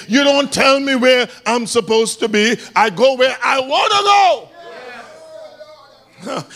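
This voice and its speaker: A bishop preaching a fervent sermon in church. He shouts key phrases, repeats lines for emphasis and punctuates them with "hallelujah". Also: very high-pitched.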